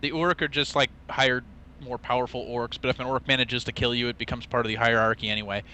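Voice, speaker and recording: A man's voice: mid-range voice, fairly even intonation, fast, pushed and bright, a little hiss or hum, low-quality recording. A young man co-hosting a casual gaming podcast, talking enthusiastically and rambling with lots of "like.". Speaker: podcast co-host. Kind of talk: casual chat.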